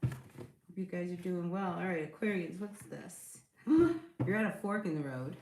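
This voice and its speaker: A tarot reader with a fairly low voice gives a casual reading to her viewers at normal speed, in a reverberant space with background noise. She's chatty and reassuring, full of fillers and check-ins like "all right?" and "you know".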